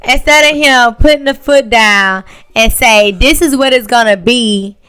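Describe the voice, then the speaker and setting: Sassy woman with a crisp, bright voice. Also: on the high side, a little slow. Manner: blunt, sassy, insistent. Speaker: podcast co-host, wife. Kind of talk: casual couple chat.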